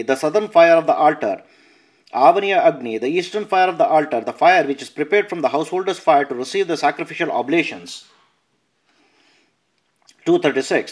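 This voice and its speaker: A man reading a scripture translation aloud at a measured pace, announcing verse numbers and notes and sometimes correcting himself. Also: fairly high pitch. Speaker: narrator.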